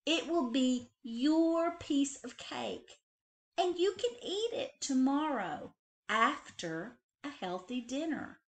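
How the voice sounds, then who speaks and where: A woman doing a soft-spoken patient mother. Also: high voice, pitched above the performer's own voice, exaggerated voice. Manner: soft, slow, soothing. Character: patient, gentle mother bunny.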